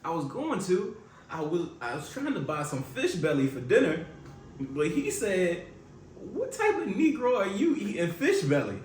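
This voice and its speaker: A man's voice: high-pitched, wildly swooping pitch, normal speed, distant mic, voice pushed up. A man putting on a folksy country old-timer character telling a gossipy story. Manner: exaggerated country drawl, storytelling. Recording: echoey room, noisy.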